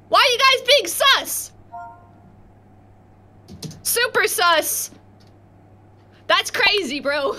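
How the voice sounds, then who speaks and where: A young adult woman streaming a game live, chatting casually with viewers in slangy talk and sudden loud outbursts. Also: very high-pitched, very animated, drawn-out words, long pauses, faint music behind. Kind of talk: casual livestream gaming chat. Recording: noticeable background noise.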